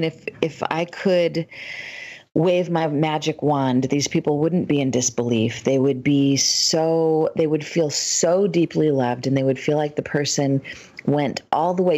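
A woman guest on a radio talk show, telling a story with feeling and acting out the people in it. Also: sits low. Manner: animated storyteller, acts out quoted dialogue. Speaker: guest, dream expert.

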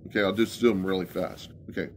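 A man chatting casually and haltingly at home between songs he sings, with many fillers. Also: on the low side, steady tone, a little hiss or hum. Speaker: amateur singer.

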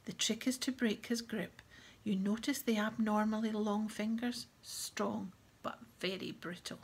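A kindly male teacher speaks to a pupil in an easy, friendly way, as read by a woman. There is a light gravelly texture in the voice, and the tone stays warm-hearted and calm. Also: mid-range voice, unhurried. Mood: gentle. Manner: gentle, friendly.

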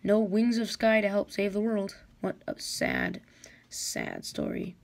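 A woman's voice: mid-range voice, flat delivery, moderate pace, a little mellow, natural voice. A woman reading aloud and voicing a cruel, mocking female dragon warlord in a storybook reading, with a taunting, sneering manner.

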